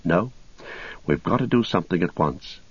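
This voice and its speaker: Man reading as a commanding young hobbit, urgent, low husky voice, dull lo-fi. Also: expressive, normal speed, no echo. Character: resolute young male hobbit leader, urgent. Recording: dull lo-fi recording.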